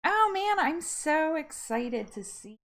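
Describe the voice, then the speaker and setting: A woman's voice: high voice, big pitch swings, takes it slowly, fairly bright tone. A young woman hosting a casual live-stream chat, greeting viewers and laughing often in an upbeat way. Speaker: host of a live weight loss support chat.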